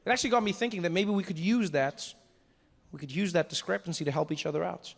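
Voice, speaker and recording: Man from South Africa, stand-up comedian, high voice, animated, echoey hall. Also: fast, vocal fry. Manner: animated, jumps into voices of others. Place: live comedy venue. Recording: echoey hall, faint background.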